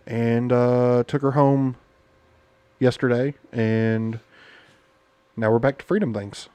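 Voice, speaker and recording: Slow and steady, a medium-pitched American man with a dark, smooth tone hosts a casual political podcast with no room sound. He is an adult parent who speaks bluntly and indignantly, leaning on many fillers.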